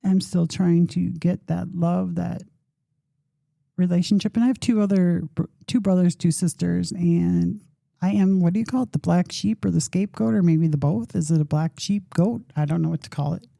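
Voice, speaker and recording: A middle-aged woman with a low, gravelly voice, sharing a personal story as a podcast host. Her tone is very mellow and dark. She talks in a loose, rambling, conversational way and pokes fun at herself. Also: steady tone, moderate pace, dry recording, studio quality. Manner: conversational, rambling, with self-deprecating humor.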